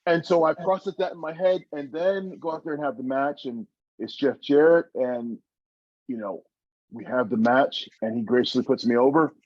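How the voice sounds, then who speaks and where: A man's voice: medium pitch, moderate pace, a little mellow, dry recording, muffled recording. A man, a former wrestler, telling stories from his career in an interview, earnest and emotional with many restarts. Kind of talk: reflective interview storytelling.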